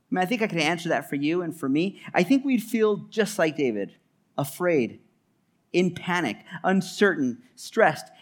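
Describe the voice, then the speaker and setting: A man preaching a sermon in an earnest, emphatic way, often stacking repeated phrases. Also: a little high. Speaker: pastor.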